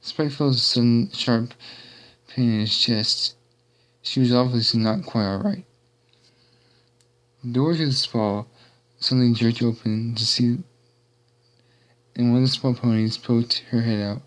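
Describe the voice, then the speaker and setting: A man casually reading a fan-written story aloud. His delivery is relaxed and unpolished, at an everyday pitch. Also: a little slow, long pauses.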